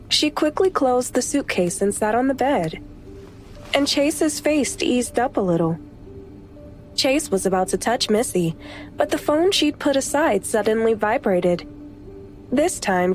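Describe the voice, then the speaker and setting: A woman narrating a romance audiobook in a steady, even storytelling voice. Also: fairly high pitch. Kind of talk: scripted narration. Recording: soft music underneath.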